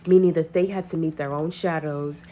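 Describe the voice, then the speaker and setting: A woman's voice: sits low, fairly even intonation, moderate pace, mellow, a little hiss or hum. A woman reading a spiritual message to her viewers, talking earnestly and repeating rhetorical questions. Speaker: spiritual reader.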